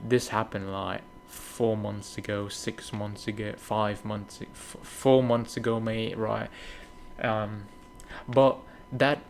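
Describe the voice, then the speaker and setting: A young Indonesian man who makes gaming videos tells his life story casually, rambling and speaking candidly, often swearing and dropping "right?" and "mate." His voice is mid-range and creaky, with slight background noise behind it.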